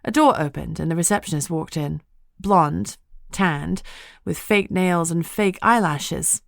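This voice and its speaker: Woman narrating a first-person audiobook, low and dry. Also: unhurried, creaky, dry recording.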